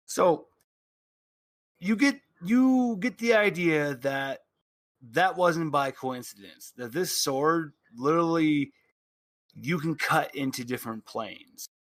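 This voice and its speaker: A man narrating a tabletop game as game master, describing scenes in halting bursts with frequent restarts. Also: a little high, no echo.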